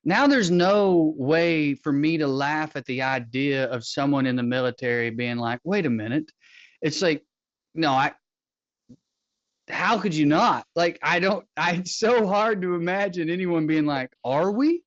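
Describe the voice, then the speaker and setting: A man's voice: a little high, measured pace, dry recording. A man hosts a loose podcast chat, rambling from joke to joke with a self-mocking streak. His voice comes through a dry, close remote mic with slightly dull, lo-fi sound. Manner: jokey, rambling, self-deprecating. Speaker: podcast host.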